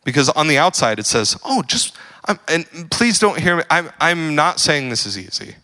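A young adult man preaching a casual sermon, joking and full of fillers, building to animated emphasis. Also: fairly high pitch, normal speed. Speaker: pastor.

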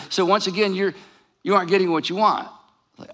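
A man's voice: high-pitched, steady tone, brisk, pushed and bright. A middle-aged man preaching a sermon, acting out both sides of imagined arguments. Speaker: pastor.

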